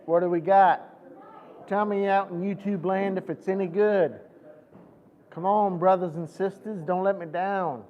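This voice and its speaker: A man testing his lapel microphone for a livestream, joking loudly as he walks around an indoor room. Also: high voice, fairly even intonation, moderate pace, phone-quality sound. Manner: joking, loud and playful, walking around. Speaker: speaker testing a livestream mic. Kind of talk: casual chat.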